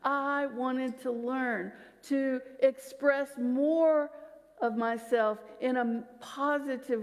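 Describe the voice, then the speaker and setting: A woman minister delivers a sermon, weaving personal stories with asides to her congregation. Her voice sits a little high. The sound carries a long reverb from a large sanctuary. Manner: warm storytelling with audience asides. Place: church sanctuary.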